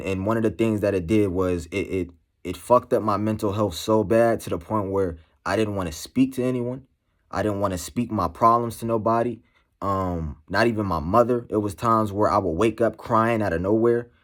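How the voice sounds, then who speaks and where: Low-voiced man, halting candid monologue. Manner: halting, slangy, full of fillers like "you know". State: emotional, shaken. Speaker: motivational vlogger. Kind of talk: candid personal monologue to camera.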